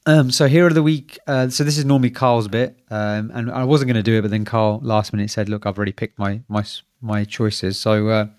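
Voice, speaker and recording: A man hosting a casual football podcast, talking in a halting way with many fillers and restarts. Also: on the low side, fairly even intonation, a little mellow, clean tone. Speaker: podcast host.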